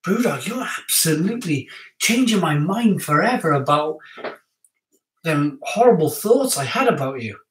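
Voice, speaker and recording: A man reviewing craft beer on a live stream in casual, excitable chat with his viewers. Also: a little high, moderate pace, recorded from a distance. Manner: chatty, excitable, talks to viewers. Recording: echoey room, off-mic.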